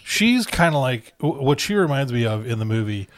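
A man's voice: mid-range voice, big pitch swings, normal speed, dry recording. Joking man on a dry mic. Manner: joking, drops into mock voices for gags. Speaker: podcast co-host. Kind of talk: casual movie-review chat.

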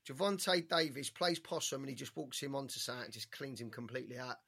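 A man co-hosting a boxing podcast, talking in an animated, rambling way and swearing often. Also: medium pitch, quick pace, vocal fry, husky. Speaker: podcast co-host. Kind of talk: casual boxing chat.

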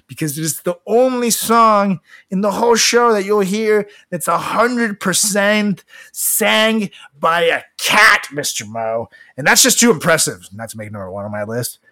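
An animated man co-hosting a podcast, swinging his pitch up and down as he jokes, laughs and rambles. His voice is bright and a touch high, and the room is dry. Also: dry recording. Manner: jokey, laughs often, rambling restarts. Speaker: podcast co-host. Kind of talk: casual chat.

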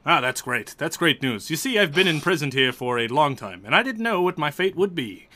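A man's voice: a little high, very animated, a little fast, bright, forceful tone. A man voicing a friendly, rambling male sea elf held prisoner in a tabletop game.

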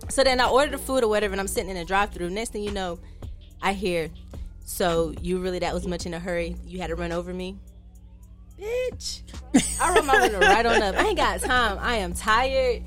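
A woman tells a story at a quick clip in casual podcast chat. She acts out the voices of the people in it and swears freely. Faint music plays underneath. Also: medium pitch, fairly bright tone. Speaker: podcast co-host telling a story.

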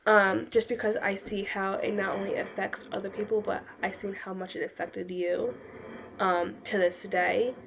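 A woman's voice: medium pitch, level tone, normal speed, vocal fry, background noise. A young woman speaking with her mother in a reassuring, supportive way. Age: young adult. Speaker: daughter of the host.

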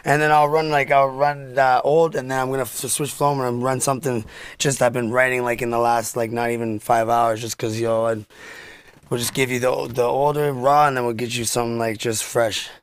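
A man's voice: medium pitch, little pitch movement, fairly quick, clean tone, no echo. A man chatting casually with friends in laid-back slang, planning a freestyle. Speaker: friend, aspiring rapper. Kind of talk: casual chat among friends.

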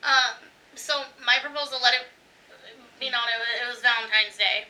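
A woman co-hosting a podcast tells a story in casual conversation, animated and quick to laugh and curse. Her voice is high, bright and piercing, and she sounds slightly far from the mic.

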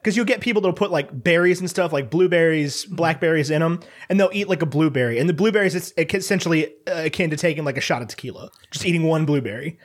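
A man's voice: on the high side, quick pace, few pauses. A young man from Virginia in casual podcast chat, telling rambling stories in a laid-back way. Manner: laid-back, rambling storyteller, mimics others.

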